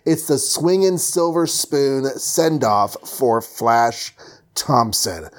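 A man's voice: medium pitch, animated, slow. Brief: male host, loose jokey comic recap, lots of ums. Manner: rambling, joking, many fillers.

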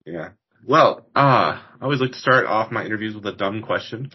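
The same kind of casual interview chat comes from a Washington, United States podcast host whose lowish, slightly rough voice has lively intonation and a fairly quick pace. The audio is lo-fi, and he rambles a bit with many fillers.

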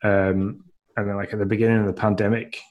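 Brief: male podcast co-host, 30s, low voice, rambling, self-deprecating storyteller. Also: flat delivery, quick pace, highs cut off. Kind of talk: casual chat, storytelling.

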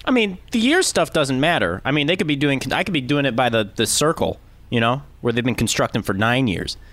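A man's voice: mid-range voice, expressive, a little fast, a bit bright. A man co-hosting a podcast in casual chat, joking in a mock-serious way. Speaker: podcast co-host.

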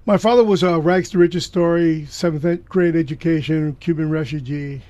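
A man from Miami, a guest telling a personal story with emphatic bursts of loud excitement. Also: fairly high pitch, moderate pace, no echo.

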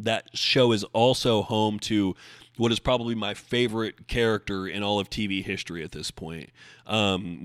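A man's voice: lowish voice, a bit bright, dry recording, clean studio sound. A man hosting his own podcast alone, talking casually and rambling with lots of fillers. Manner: chatty, rambling with many fillers. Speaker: podcast host. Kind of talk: solo podcast monologue.

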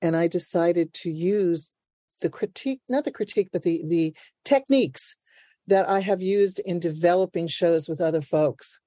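An older woman from Brooklyn, New York, a playwright and actor, talks animatedly in a conversational interview and laughs often. Her voice is on the low side and warm, at normal speed, in a dry recording.

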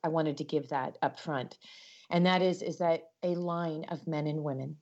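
A woman's voice: sits low, steady tone, normal speed, a little mellow, muffled recording. A woman who speaks for a living, telling stories earnestly and with feeling as a guest in an interview over a video call. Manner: earnest, impassioned. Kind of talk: emotional interview storytelling.

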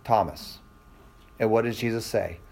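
A man's voice: fairly low pitch, measured pace, vocal fry, a little mellow. A man teaching a Bible class, quizzing his students with rhetorical questions and acting out quoted exchanges. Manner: acts out voices in quoted exchanges.

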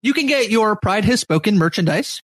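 Upbeat man with a higher voice, dry sound. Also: animated, normal speed, a bit bright, dry recording. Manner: upbeat and enthusiastic. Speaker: podcast host. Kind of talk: podcast wrap-up announcements.

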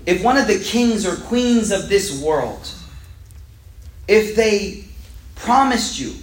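A man teaching a weekly religious class. He reads classical Arabic lines quickly, then explains them in relaxed, slangy everyday English. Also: high voice. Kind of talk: casual religious lesson reading a classical text. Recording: echoey room.

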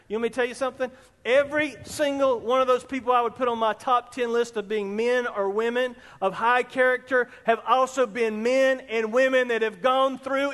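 A man preaching a sermon as pastor of a church, speaking emphatically and rising at times almost to a shout. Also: extremely high pitch. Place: church sanctuary. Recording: long reverb in a hall.

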